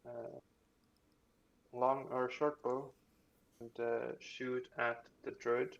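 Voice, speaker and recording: Dm guy talking real slow, lots of uhs and little laughs, easygoing tabletop narrating. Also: medium pitch, fairly bright tone, lo-fi sound. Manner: unhurried, with frequent fillers and chuckles. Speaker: game master.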